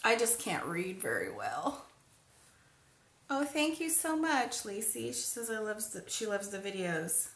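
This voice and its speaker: A woman's voice: mid-range voice, very animated, measured pace, a bit bright. A woman hosting a casual live craft stream from home, chatting along and greeting viewers by name as she works. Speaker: craft livestream host. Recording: echoey room.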